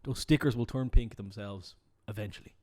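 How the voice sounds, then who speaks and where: A man with a Dublin Irish accent, co-hosting a podcast in casual chat, emphatic and animated, often tagging "right?". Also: fairly low pitch, brisk. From Ireland. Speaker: podcast co-host. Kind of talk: casual chat, telling jokes.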